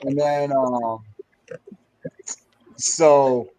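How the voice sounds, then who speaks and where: A man's voice: medium pitch, steady tone, extremely slow, a crowd in the background, poor audio. A man on a casual podcast chat, retelling a comic's plot in a rambling way with lots of fillers and chuckles. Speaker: guest.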